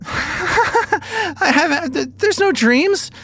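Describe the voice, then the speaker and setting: A man voicing a frantic, possessed young girl who stammers through shrill, broken outbursts. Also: animated, drawn-out words, pushed and bright, full character voice. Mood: mocking.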